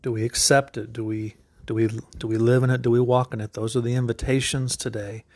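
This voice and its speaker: A man's voice: mid-range voice, little pitch movement, a little fast, a little mellow, dry recording. A man hosting a faith podcast, speaking earnestly in a devotional talk and often repeating words as he gathers his thoughts. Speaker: podcast host and recovery coach.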